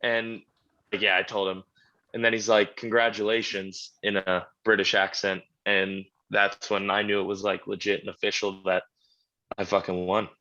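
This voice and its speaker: A man's voice: lowish voice, level tone, normal speed, pushed and bright, lo-fi sound. A man talking as a podcast guest in casual chat, blunt and laid-back, swearing freely as he tells his story. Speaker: podcast guest, strongman champion.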